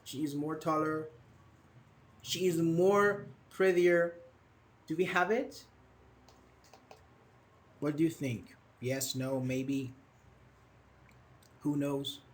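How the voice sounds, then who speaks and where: A young man teaching English grammar in a live online class, patient and questioning, repeating words slowly. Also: fairly high pitch, flat delivery.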